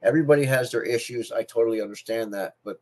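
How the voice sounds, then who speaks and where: Middle-aged guy w/ a speech difference, rambly casual chat to his viewers, keeps restarting phrases, medium pitch. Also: fast talker, mellow. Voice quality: speech difference, not a stutter. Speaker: channel host. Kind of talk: casual personal talk to camera.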